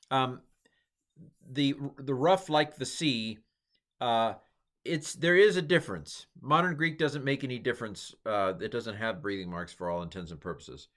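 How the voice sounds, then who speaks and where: A man's voice: medium pitch, a bit bright. A middle-aged man giving an informal lecture, rambling and self-deprecating with many fillers and restarts. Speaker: teacher.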